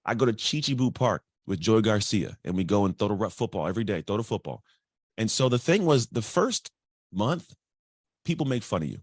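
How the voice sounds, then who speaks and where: A man telling his life story as a guest, energetic and chatty, acting out other people's voices. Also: on the low side, brisk, breathy edge, no echo, studio quality. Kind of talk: candid storytelling.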